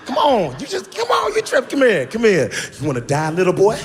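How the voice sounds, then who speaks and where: A man performing stand-up comedy on stage, telling animated stories and acting out his mother. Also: sits high, brisk. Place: comedy stage before a live audience. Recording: reverberant venue with loud laughing crowd.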